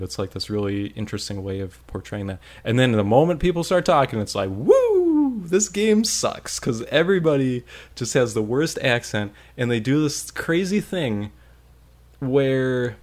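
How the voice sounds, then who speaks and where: A man chatting casually about a video game, rambling with lots of "like" and animated retelling. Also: mid-range voice, moderate pace. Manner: rambling, frequent "like", animated storytelling. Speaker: podcast co-host reviewing a game. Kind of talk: casual chat.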